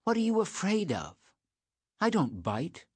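A man's voice: fairly high pitch, big pitch swings, moderate pace, husky, no room sound, pitched above the performer's own voice. A man voicing a bold, teasing teenage girl. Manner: playful, coaxing. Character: sick sixteen-year-old girl, teasing and bold.

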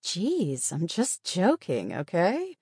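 A sardonic young woman survivor, as a narrator puts her on, answering in a dry, wry tone. Her voice is low and husky, and the recording sounds close and dry. This is an audiobook heroine. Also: lively intonation, normal speed, mellow, no echo.

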